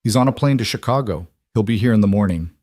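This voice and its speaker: A man voicing a protective single father in an audio story, speaking in a calm, firm way. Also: on the low side, fast, dry recording, clean studio sound, lightly acted. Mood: earnest.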